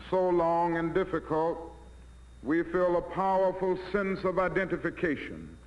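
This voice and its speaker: A man's voice: fairly high pitch, a bit bright. An American man giving a formal public address, with a rhetorical style that builds on repeated phrases, in an archive recording from the 1960s. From United States. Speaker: civil rights leader giving an address. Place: large hall before an audience. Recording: roomy, dull 1964 archive recording.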